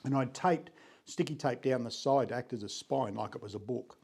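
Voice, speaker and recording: Older aussie guy telling his story, warm mellow voice, earnest and unhurried, clears his throat a lot. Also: medium pitch. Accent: Australian. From Sydney, Australia. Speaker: photographer. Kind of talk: reflective storytelling vlog.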